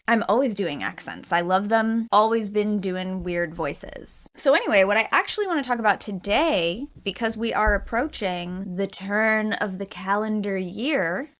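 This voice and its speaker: A woman's voice: mid-range voice, fairly bright tone. Chatty woman vlogger, rambling asides. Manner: chatty and rambling, full of asides and quoted self-talk. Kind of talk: casual chat to camera.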